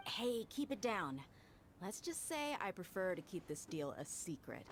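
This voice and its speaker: A woman's voice: mid-range voice, big pitch swings, measured pace, slight background noise. An actress playing a confident woman mercenary in a game, frank and easygoing. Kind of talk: game voice acting.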